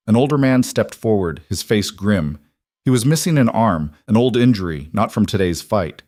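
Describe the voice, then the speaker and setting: Low-voiced male story narrator. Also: normal speed, dry recording, studio quality. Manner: steady, dramatic storytelling. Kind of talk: scripted narration.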